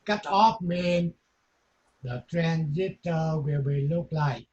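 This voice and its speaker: Male lecturer, slow and halting, often repeats himself, muffled classroom recording. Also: fairly high pitch, a little mellow. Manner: halting, repeats short phrases, non-native grammar. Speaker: teacher.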